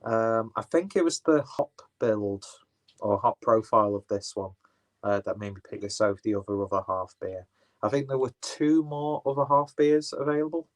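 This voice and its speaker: A man's voice: on the low side, steady tone, moderate pace. A man chatting casually through an unboxing, rambling, swearing and correcting himself as he goes. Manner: rambling, profane, self-correcting. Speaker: beer reviewer.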